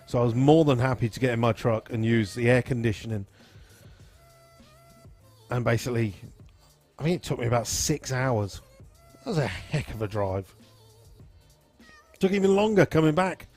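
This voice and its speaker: An easygoing man in his forties chats his way through a live stream, rambling between stories and viewer shout-outs. Faint music plays softly behind him. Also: medium pitch, normal speed, pauses often. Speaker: live-stream host at a drag racing venue. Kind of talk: casual live-stream chat reading viewer comments.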